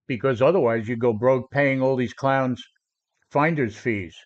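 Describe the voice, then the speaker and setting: In dull audio, a mid-range voice speaks a little slowly. It's a combative, brash trading coach in his seventies who answers his live stream audience head-on.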